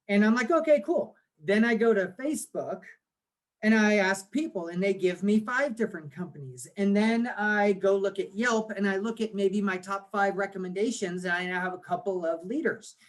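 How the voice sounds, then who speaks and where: A man in his forties, a guest on an interview podcast, explaining things with lively rhetorical questions. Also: high-pitched. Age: 40s. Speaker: guest, marketing agency owner.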